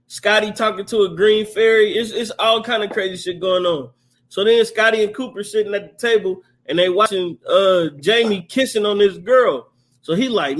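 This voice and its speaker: A man co-hosting a casual podcast, excitedly retelling movie scenes, laughing and cutting in to correct the story. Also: sits high, normal speed. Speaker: podcast co-host. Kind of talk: casual movie recap chat.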